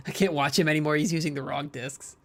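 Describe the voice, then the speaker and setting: A man from Minnesota with a Midwestern American accent, co-commentating a disc golf stream in a chatty, quick way that breaks easily into laughter. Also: on the high side, steady tone. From Minnesota, USA. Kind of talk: casual live-stream commentary.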